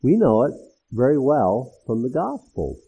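A man preaching an expository sermon as pastor, animated and acting out the people in the text. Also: medium pitch, unhurried, slightly rough. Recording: tinny phone-like sound.

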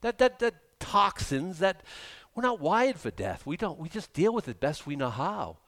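A man preaching a sermon with animated delivery, swinging between hushed and loud. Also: high-pitched, moderate pace.

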